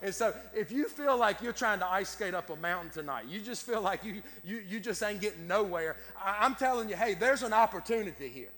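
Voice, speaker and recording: A man's voice: sits high, lively intonation, a little fast, few pauses, bright, forceful tone. A man preaching a sermon in a folksy, repetitive way, with stammered restarts and plain country grammar. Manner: folksy, repeats words, Southern-style grammar. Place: church sanctuary. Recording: long reverb in a hall.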